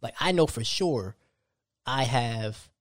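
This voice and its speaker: A man's voice: mid-range voice, lively intonation, slow pace, no room sound, clean studio sound. A young man hosting a solo podcast, talking casually and conversationally, often restarting his sentences. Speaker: podcast host.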